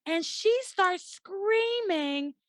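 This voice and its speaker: A young woman hosting a podcast, casually retelling soap opera scenes and acting out the characters' lines in a high, dramatic voice. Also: very slow, no room sound, studio quality. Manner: animated storytelling, acts out quotes in a high dramatic voice. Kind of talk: casual chat.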